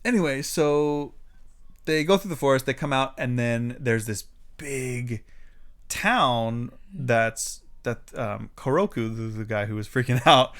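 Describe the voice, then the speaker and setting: A man's voice: medium pitch, unhurried, a bit bright. A man co-hosting a casual livestream, retelling a film scene by scene, acting out lines in funny voices and laughing often. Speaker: co-host recapping a film.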